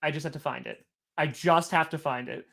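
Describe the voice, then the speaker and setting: A man's voice: on the high side, a little fast, creaky. A man hosting a live stream, calling plays and telling a rambling story in a chatty, casual way. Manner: animated, chatty storyteller with many "like"s. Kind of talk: casual live game commentary mixed with storytelling.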